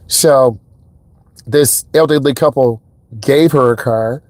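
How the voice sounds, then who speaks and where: A man talking casually as a driving instructor inside a car, telling stories in a lively way and acting out what people said. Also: measured pace, no room sound. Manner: animated storyteller, acts out quotes in a higher voice. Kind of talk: casual vlog talk.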